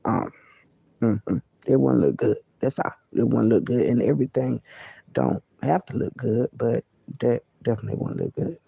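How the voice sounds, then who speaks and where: A woman vlogger talking loosely to her viewers about spiritual matters, in a gravelly, husky voice with a mellow, warm tone. She is folksy and familiar, calling listeners baby and y'all, and keeps insisting she's serious. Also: rumbling low, moderate pace, no room sound. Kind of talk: casual spiritual talk to viewers.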